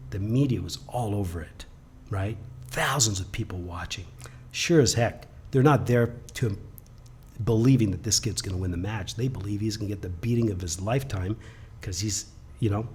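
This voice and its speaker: A man presenting a webcast, telling a motivational story with an animated delivery that swings from loud bursts to hushed lines. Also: mid-range voice, slight background noise.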